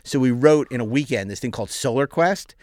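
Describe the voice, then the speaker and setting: Fast-talking male filmmaker telling stories. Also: medium pitch, no echo, clean studio sound. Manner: rapid, animated storyteller with many restarts. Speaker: filmmaker guest. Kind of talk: casual anecdote telling.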